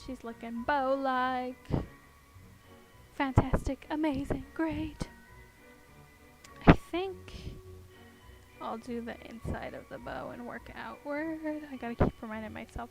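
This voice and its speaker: A woman's voice: sits high, creaky. A young woman chatting casually at her home desk while she carves pumpkins. She rambles and giggles, with lots of fillers. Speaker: streamer.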